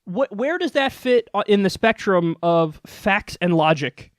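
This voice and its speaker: A man's voice: high voice, animated, unhurried, no echo, studio quality. A man giving a heated, sarcastic political commentary rant, swearing freely. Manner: fired-up, sarcastic, profane.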